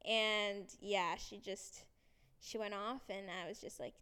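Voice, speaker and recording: A woman's voice: mid-range voice, a little slow, a bit bright, smooth. A young woman from Canada, telling a story in casual chat, acting out quotes and swearing often.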